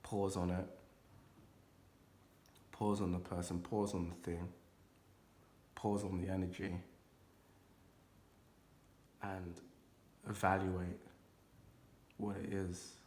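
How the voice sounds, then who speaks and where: A man's voice: low-pitched, level tone, slow pace, long pauses, a little mellow. A young man giving a casual, rambling card reading to his viewers, talking loosely and swearing now and then. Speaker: intuitive card reader.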